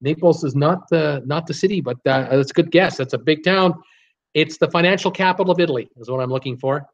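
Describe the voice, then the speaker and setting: A man's voice: fairly high pitch, brisk, muffled recording. A man hosting a casual live-stream trivia quiz, reading out viewers' guesses with lots of ums and uhs and chuckling at his own jokes.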